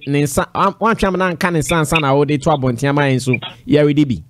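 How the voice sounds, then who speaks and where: A man's voice: on the high side, fairly even intonation, racing, no room sound. A man hosting a panel discussion, switching between Twi and English as he moderates the debate and watches the clock. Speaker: show host.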